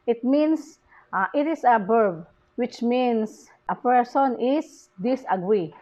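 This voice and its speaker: Girl reading out a stress lesson real slow, lots of uhs, muffled lo-fi audio. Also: a little high, expressive, a little mellow. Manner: hesitant, many fillers and restarts. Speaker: student presenting a lesson. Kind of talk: classroom presentation on word stress. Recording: dull lo-fi recording.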